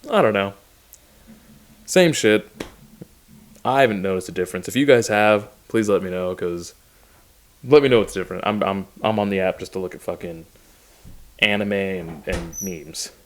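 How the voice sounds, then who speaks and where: A man's voice: low voice, normal speed, pauses often. A man co-hosting a podcast, talking loosely and profanely in casual chat. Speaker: podcast co-host.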